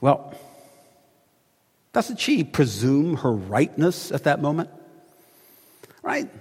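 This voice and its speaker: A man's voice: fairly high pitch, sing-song, takes it slowly, darkish tone, slightly rough. A man preaching a sermon in a conversational, storytelling manner. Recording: long hall reverb.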